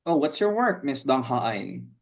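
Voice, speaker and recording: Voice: medium pitch, very animated, normal speed, gravelly. An English teacher running an online class, encouraging and patient, often saying "okay, very good". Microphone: video call.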